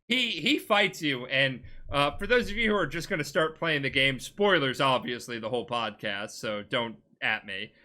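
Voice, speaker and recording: A man's voice: medium pitch, moderate pace, hardly any pauses, bright, forceful tone. A tipsy man hosting a podcast, rambling through a video game story in a casual comedic retelling, swearing often and restarting words. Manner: rambling, swears a lot, restarts mid-word.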